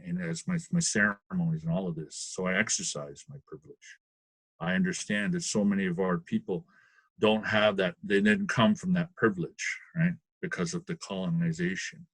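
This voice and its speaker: A man's voice: low-pitched, slightly rough, dry recording. A man on a webinar panel who talks in loose, rambling bursts and keeps checking in with "right?". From Canada. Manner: rambling, often asks "right?", laughs often. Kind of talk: casual panel discussion. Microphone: video call.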